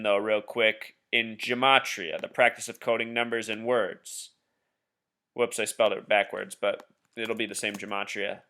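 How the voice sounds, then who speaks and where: A video blogger with a mid-range, sharp-toned voice talks casually over a screen share. He insistently lays out his theories in a conspiratorial way, speaking directly to the viewer as "Truth Seeker."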